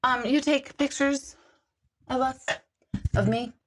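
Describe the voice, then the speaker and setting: Speaking slowly in a high, steady voice, a middle-aged woman runs a casual intuitive reading livestream from her home. She rambles and mocks herself while addressing her viewers directly.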